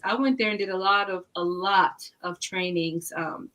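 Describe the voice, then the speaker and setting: A woman telling stories in a casual chat, animated and laughing, with many fillers. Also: on the low side, moderate pace, few pauses. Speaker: book club guest.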